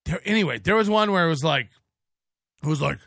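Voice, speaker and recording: A man's voice: a little high, animated, brisk, vocal fry, fairly bright tone, dry recording, clean studio sound. A middle-aged man hosting an online show, ranting in sarcastic, profane commentary and muttering while he scrolls through posts.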